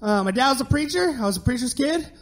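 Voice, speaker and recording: A man's voice: very high-pitched, animated, quick pace. A man performing a stand-up comedy set, telling joking stories and breaking into sung bits.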